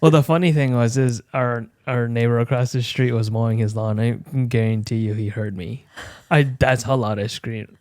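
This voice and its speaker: A young man co-hosts a casual podcast, recounting events in an animated, profane way and yelling out his own reactions when he quotes himself. His voice sits at a middling pitch. The recording is dry and close, with little room sound. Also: moderate pace, no room sound. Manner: animated storytelling, swears a lot, yells out his quotes. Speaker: podcast co-host. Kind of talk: casual chat.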